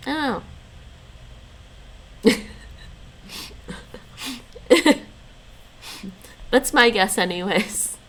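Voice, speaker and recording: A woman's voice: fairly high pitch, animated, very slow, pauses often, rough recording. A woman streaming her language study, reading lesson notes aloud and chatting with her viewers, laughing often. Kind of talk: casual live-stream chat.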